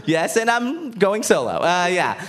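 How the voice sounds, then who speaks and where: Animated male stand-up comedian. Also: high voice, a little slow. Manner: animated, self-mocking, laughs often. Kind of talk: stand-up set, then interview.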